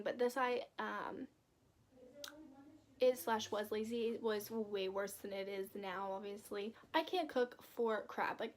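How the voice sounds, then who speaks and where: A young woman vlogging in a casual, rambling way, full of "like"s and restarts. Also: on the high side. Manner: chatty, rambling with many "like"s and restarts. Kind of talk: casual chat.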